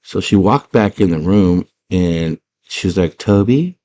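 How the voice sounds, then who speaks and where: A man in a casual, slangy movie recap, retelling scenes as an animated storyteller. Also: low-pitched, measured pace. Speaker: movie fan retelling a film.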